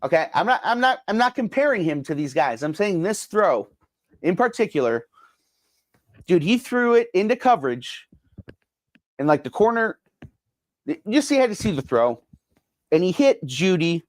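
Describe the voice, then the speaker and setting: This middle-aged podcast host speaks in a high, sing-song voice at a moderate pace, leaving long pauses. Alone on a casual sports show, he rambles through viewer comments with plenty of fillers and repetition, recorded in studio quality with no echo.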